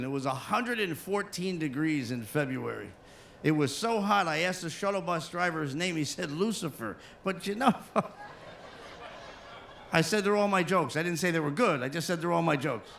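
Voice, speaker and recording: A comedian works a live cruise-ship crowd, teasing the audience and dropping into goofy voices. His voice sits high and bright, with a gravelly edge. Faint room ambience hangs behind him. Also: slight background noise. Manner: crowd work with put-on silly voices.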